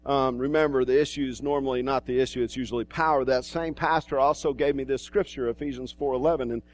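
A man's voice: mid-range voice, steady tone, fast. A male pastor preaching a sermon in a church, in a conversational way with asides and restarts.

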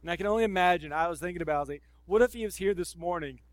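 A man preaching a sermon in a casual, conversational way with slang, swinging between loud emphasis and near-murmured asides. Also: high-pitched, very fast, dry recording, poor audio.

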